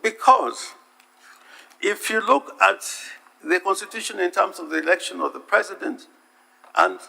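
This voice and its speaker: A man giving a formal legal submission to a senate, deliberate and emphatic, stressing and repeating key words. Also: high-pitched, animated, gravelly, pushed and bright. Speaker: counsel addressing the Senate. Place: legislative chamber.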